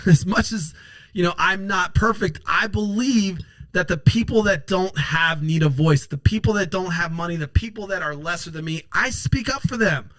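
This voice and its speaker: A man's voice: on the high side, fairly bright tone, dry recording, poor audio. A man giving impassioned political commentary, blunt and emphatic, swearing freely.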